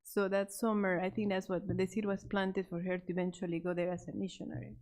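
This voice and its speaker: A woman telling a missionary story to a church class, speaking off the cuff with fillers and restarts and voicing the characters' lines. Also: brisk. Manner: animated, acts out the quoted characters with raised pitch; many fillers and restarts, unscripted. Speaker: Sabbath School storyteller.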